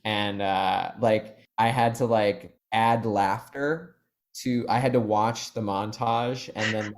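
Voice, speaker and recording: A young adult man, a guest actor in a casual podcast chat, telling stories and acting out quotes in loud, high voices. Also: fairly even intonation, takes it slowly, a little hiss or hum.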